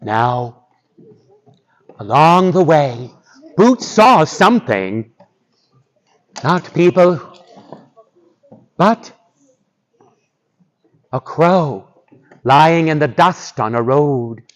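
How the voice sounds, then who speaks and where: A male storyteller telling a folktale live to schoolchildren, animated and drawing the audience in. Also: fairly high pitch, extremely slow, long pauses.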